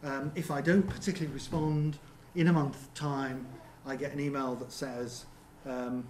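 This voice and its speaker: A man's voice: mid-range voice, steady tone, normal speed, darkish tone. Man giving a roomy seminar talk. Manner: conversational, frequent ums and rhetorical checks. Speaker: seminar presenter. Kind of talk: conference presentation. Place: theatre seminar room. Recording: roomy venue with faint background hum.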